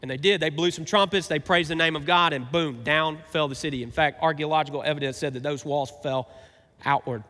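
A man in his thirties preaching a sermon, swinging between emphatic and quiet, reflective passages. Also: on the high side, steady tone, brisk. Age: 30s. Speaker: pastor. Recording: reverberant hall.

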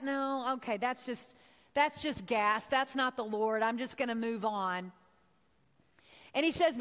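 A woman's voice: high-pitched, a bit bright, long reverb tail. A woman from Texas giving a heartfelt sermon-style talk, telling a personal story and acting out her own thoughts. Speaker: speaker giving a devotional talk.

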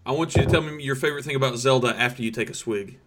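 A man's voice: mid-range voice, rapid-fire. A man chatting casually on a podcast, teasing the others and laughing often. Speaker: podcast co-host. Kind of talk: casual chat. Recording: loud background noise.

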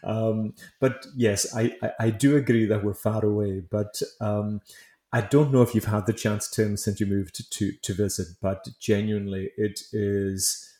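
Speaking with a Hebridean Scottish accent, this interview guest, a baker and author from the Isle of Lewis, Outer Hebrides, keeps things friendly and relaxed with light laughter. He has a lowish, dark, steady voice, takes his time, and sounds roomy.

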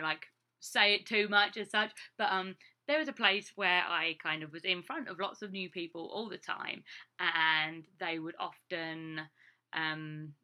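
A woman's voice: lowish voice, pushed and bright. A young English woman, a teacher living abroad, chatting casually with lots of fillers. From England. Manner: chatty, rambling, many fillers. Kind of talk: casual vlog talk.

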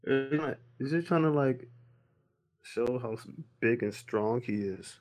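A man's voice: medium pitch, a little slow, a little mellow. A young man co-hosting a podcast in casual chat, blunt and dry, sounding tired. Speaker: podcast co-host.

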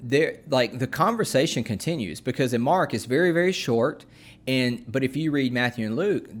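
Guy talking it through casually, lots of ums and restarts, middle pitch. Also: animated. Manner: unhurried, with many fillers and restarts. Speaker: podcast co-host explaining scripture. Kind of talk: casual explanatory chat.

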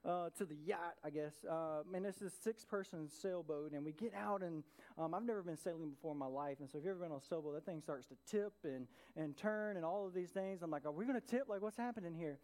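A man's voice: a little high, a little fast, darkish tone. A man from Georgia preaching a sermon, telling a personal story in a casual, conversational way and checking in with his listeners. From Atlanta, Georgia, US. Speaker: pastor.

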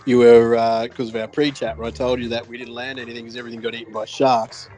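Man, Australian accent, podcast co-host, casual storytelling, rambling with fillers, swears freely, mid-pitched voice, faint background music. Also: fast talker. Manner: rambling and animated, with many fillers, restarts and swearing. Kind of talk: casual chat, telling a fishing story.

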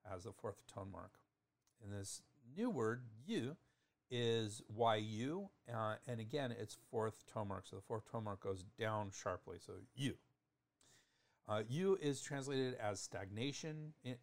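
A man teaching acupuncture terminology in a thoughtful lecture, often restarting phrases and spelling out terms. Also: lowish voice.

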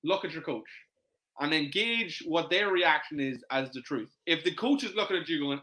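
A man coaching fitness in a casual podcast chat, animated and swearing casually as he acts out quotes. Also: fairly high pitch, normal speed, low-quality recording.

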